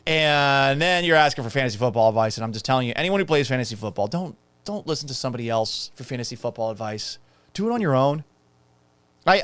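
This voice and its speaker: A man's voice: mid-range voice, smooth, dry recording. A man hosting a live-stream sports talk show, answering viewer comments in a brash, sarcastic and profane way, sometimes slipping into sing-song teasing. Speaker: sports talk podcast host.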